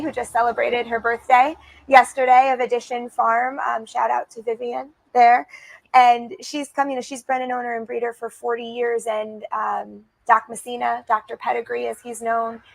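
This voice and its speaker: A woman in her thirties talks with gushing, heartfelt enthusiasm, often restarting her sentences. Her voice sits a little high with a gravelly fry, and the recording is close and dry. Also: dry recording, rough recording. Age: 30s. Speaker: racing program guest. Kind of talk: enthusiastic interview talk. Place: racetrack broadcast set.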